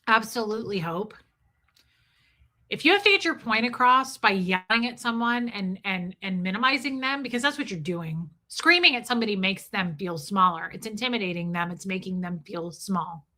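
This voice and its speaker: A woman's voice: mid-range voice, animated, normal speed, pushed and bright. A woman hosting a casual livestream, telling a personal story in a candid, emphatic way. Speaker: livestream host.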